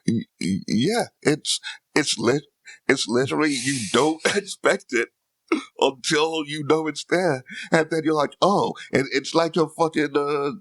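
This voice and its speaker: A man's voice: a little high, unhurried, a bit bright, no room sound. A young English man with an English accent, chatting on a comedy podcast in a self-mocking way and laughing often. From England. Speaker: podcast co-host. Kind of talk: casual comedic chat.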